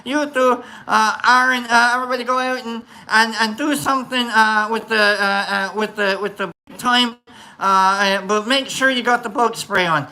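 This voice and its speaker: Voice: mid-range voice, moderate pace, sharp tone, poor audio. A livestream host chatting casually and greeting viewers by name, rambling and playful, with many fillers and restarts. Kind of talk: casual chat reading viewer comments.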